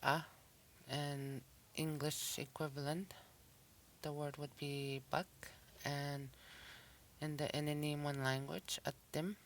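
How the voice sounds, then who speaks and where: A language teacher works through a recorded pronunciation lesson, saying each sample word and then repeating it. The delivery is extremely slow with a flat, level pitch, and a faint hiss sits beneath the voice.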